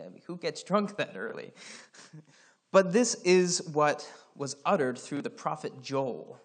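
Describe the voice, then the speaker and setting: A man's voice: on the high side, animated, unhurried. A man from Scotland giving a casual Bible teaching, talking conversationally and reading scripture passages aloud.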